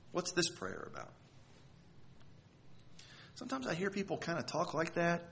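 High-voiced man preaching earnestly. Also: huge pitch swings, moderate pace, vocal fry, long pauses, a bit bright, a little hiss or hum. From United States. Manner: earnest, emphatic preaching with rising stress on key words. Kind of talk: sermon.

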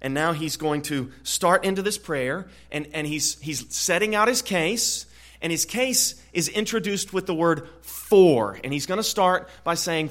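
A man preaching an expository sermon in an earnest way, often repeating words and growing louder on key points. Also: on the high side. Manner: earnest, frequent word repetitions, swells louder on key points.

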